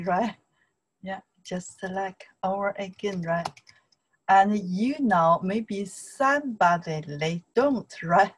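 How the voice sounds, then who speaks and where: A woman from China with a Chinese accent, teaching a casual online lesson in chatty broken English and repeating words slowly for learners. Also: mid-range voice, a little hiss or hum, poor audio.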